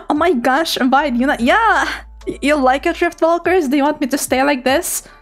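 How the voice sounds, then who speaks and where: A young woman streamer chatting casually with her live chat, giggling often, her throat a little hoarse. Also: sits high, moderate pace, soft background music. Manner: giggly, laughs often, playful.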